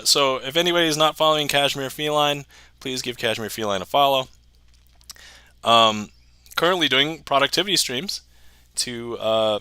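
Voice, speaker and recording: A man's voice: mid-range voice, bright, forceful tone, clear, resonant tone, no room sound. A young man hosting a casual livestream, chatting with viewers, laughing often and replying to chat. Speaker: magic livestreamer.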